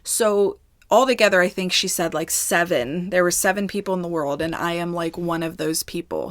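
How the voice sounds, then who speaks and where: A woman's voice: on the low side, brisk, no room sound. A woman telling a rambling, candid storytime in casual chat, a little out of breath, with many fillers. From United States. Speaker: ASMR storytime creator.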